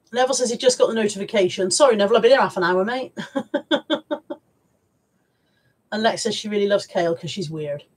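A woman's voice: mid-range voice, lively intonation, normal speed, pauses often, breathy edge. A woman, hosting a casual livestream from home, chatting informally with viewers, reading out their comments and swearing now and then. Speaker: livestream host. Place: at home with piles of stuff around her.

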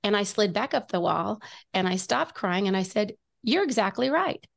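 A middle-aged woman with a gravelly edge in her mid-pitched voice recounts a personal story on a faith talk show. She speaks earnestly and often restarts her sentences as she goes. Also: normal speed. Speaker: guest.

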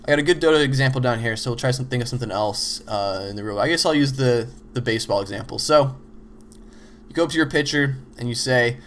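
A man's voice: mid-range voice, fast, a bit bright, a little hiss or hum. Man casually explaining teamwork. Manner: loose, conversational, frequent "you know" and "like"; acts out little example dialogues. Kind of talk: casual instructional talk.

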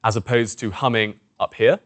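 A man coaching a voice warm-up lesson, encouraging and demonstrative as he guides participants through exercises. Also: lowish voice, steady tone, moderate pace. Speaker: presentation skills coach.

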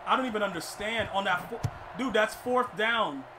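In a high voice at normal speed, a young streamer provides live commentary on his football video game match. Frustration has him ranting and stammering, restarting his words, and clear background noise sits behind him.

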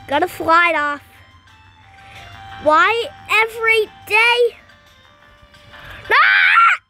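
A young girl giving casual gameplay commentary, getting excitable and frustrated at the game. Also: very high-pitched, slow, faint music behind. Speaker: gamer.

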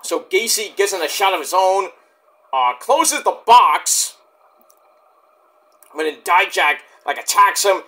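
A high, bright-voiced man recaps wrestling matches in a loose, rambling way. He swears freely, throws in jokes, and his pitch jumps all over the place. It comes across as relaxed, off-the-cuff chat. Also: takes it slowly, long pauses. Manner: rambling, swearing, jokey asides. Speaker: wrestling show reviewer. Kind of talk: casual spoken review.

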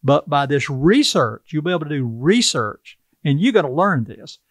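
A man's voice: a little high, sing-song, moderate pace, dry recording. An older man from South Carolina with a Carolina Southern accent, talking in a folksy, earnest way as an interview guest. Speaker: tribal chief, interview guest. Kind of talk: casual interview talk.

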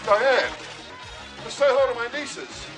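A man's voice: extremely high pitch, very animated, slow, music in the background, heavily acted. An actor playing a brash, joke-cracking rich older father in a film comedy. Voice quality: brassy joke-cracking delivery. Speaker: film character.

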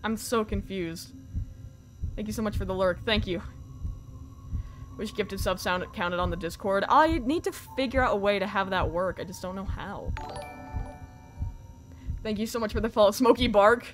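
A young woman streaming a horror game live, reacting with excitement, swearing, and thanking her viewers. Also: medium pitch, normal speed, long pauses. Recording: music playing faintly behind. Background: faint game music.

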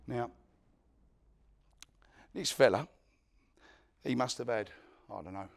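An actor playing an older East London career criminal, telling a prison story in a one-man stage monologue with an East London accent. He swings between loud quoted lines and a low hush. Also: slow, gravelly. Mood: storytelling.

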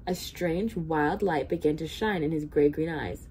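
A woman, a hospital volunteer, reading a children's picture book aloud with expressive storytelling. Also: low voice, measured pace, slight background noise.

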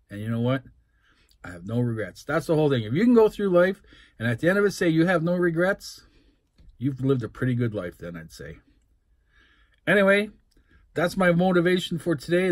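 A man's voice: on the high side, husky, dry recording, clean studio sound. A man with a Canadian accent, talking casually and upbeat in a food-tasting vlog, rambling between topics. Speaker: food vlogger. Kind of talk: casual mukbang vlog talk.

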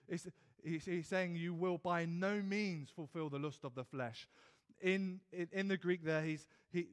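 A man with a British accent preaching an evening sermon in church, earnest, often restarting and repeating words as he builds emphasis. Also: a little high. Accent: British English.

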